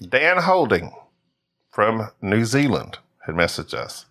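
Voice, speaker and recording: A playful podcast co-host with a bright, sharp voice that leaps all over in pitch. Jokes around in casual banter. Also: big pitch swings, slow. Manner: playful, jokey, breaks into laughter and silly voices.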